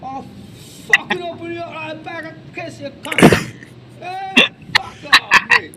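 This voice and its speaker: A man's voice: very high voice, measured pace, very noisy, voice pushed up. A man voicing an aggressive Cockney street thug with a put-on Cockney accent, swearing and making threats. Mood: menacing. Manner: snarling threats, heavy swearing.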